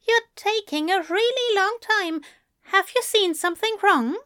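Aziraphale, a woman doing a high flustered man. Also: unhurried, pushed and bright, no echo, clean studio sound, heavily acted. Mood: nervous. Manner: high, anxious and breathless. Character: nervous, flustered fussy man in an eye test.

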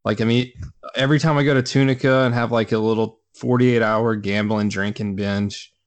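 A man's voice: on the low side, fairly even intonation, normal speed. A man co-hosting a casual talk show, rambling in an offhand way. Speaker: co-host. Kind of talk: casual radio chat.

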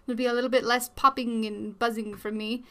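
A young woman hosts her own podcast, chatting casually into a new studio microphone and rambling with lots of fillers and little laughs. Her voice is a little high, pushed and bright, with a flat delivery and a slightly fast pace.

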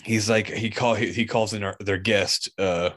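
A man's voice: on the low side, steady tone, normal speed, fairly bright tone. A man in a casual podcast chat, rambling through a retelling of a film scene and acting out the quotes.

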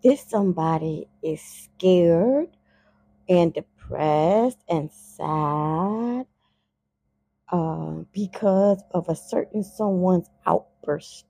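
A woman hosts a podcast with a casual monologue, blunt and profane, getting heated and animated when worked up. Her fairly low voice is slightly rough and very slow, recorded dry.

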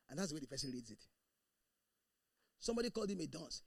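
A man preaching a sermon as pastor, animated, breaking into laughter and shouted bursts. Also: on the high side, brisk, pauses often, dry recording.

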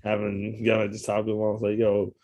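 A man's voice: lowish voice, monotone, fast talker, background noise. A man telling stories in casual chat, slangy and laid-back, laughing often.

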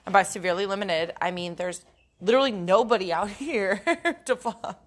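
A woman's voice: mid-range voice, a little fast. A young adult woman hosting a casual solo podcast, talking frankly and profanely and often breaking into giggles. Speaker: podcast host.

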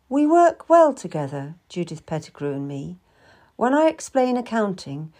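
A woman narrating a historical novel in first person, in a measured, calm storytelling manner. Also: mid-range voice.

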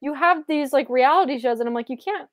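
High-voiced giggly woman chatting. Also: fast talker, no room sound. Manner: giggly, acts out bits in funny voices. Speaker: podcast co-host. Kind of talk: casual chat.

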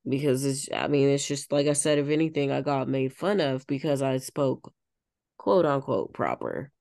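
A woman's voice: extremely low pitch, lively intonation, normal speed, gravelly, a little mellow, dry recording, clean studio sound. A woman co-hosting a podcast in casual chat, thoughtful and searching for her words as she explains herself. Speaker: podcast co-host.

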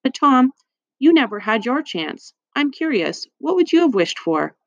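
A woman's voice: sits high, big pitch swings, a little slow, vocal fry, no room sound, voice pushed up, full character voice. A woman reading a storybook aloud, voicing a cheeky, wry young boy with a chatty manner. The recording is dry and slightly dull.

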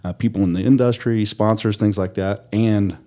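A man giving a candid personal testimony as a podcast guest, earnest and halting, with frequent restarts, and dropping to a hushed delivery in reflective moments. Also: lowish voice, steady tone.

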